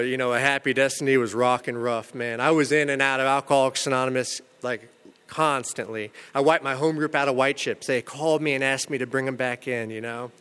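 A man telling his own recovery story in a candid, rambling way, full of "you know" and "man", with self-mocking humor about a dark past. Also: medium pitch, smooth, in a large hall.

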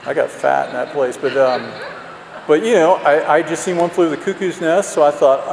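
A man's voice: fairly high pitch, fairly quick, creaky, a little mellow. A man telling a candid, self-mocking personal story to an audience, rambling with lots of fillers. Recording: roomy hall, faint background noise.

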